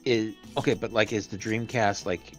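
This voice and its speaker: A man co-hosting a stream, asking questions in a casual, halting way with many restarts. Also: fairly low pitch, steady tone, faint music behind. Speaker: co-host. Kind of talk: casual chat.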